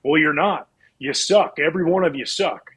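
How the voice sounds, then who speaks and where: A man's voice: fairly high pitch, normal speed, a bit bright, lightly acted. A man imitating a furious older baseball manager who berates his players in a profane tirade. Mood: mock-sweet scolding.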